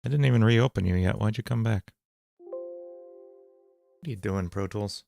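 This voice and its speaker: A man chatting casually on a livestream while producing a song cover, talking to himself as he troubleshoots his recording software. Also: on the low side, measured pace, vocal fry, no room sound, soft background music.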